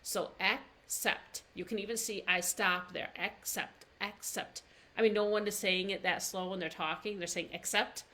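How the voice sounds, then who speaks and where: A woman teaching pronunciation in a live-streamed lesson, drawing words out slowly and breaking them into syllables. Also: medium pitch, steady tone, fairly bright tone. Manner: slow, drawn-out demonstrations of words, syllable by syllable. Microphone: livestream camera mic.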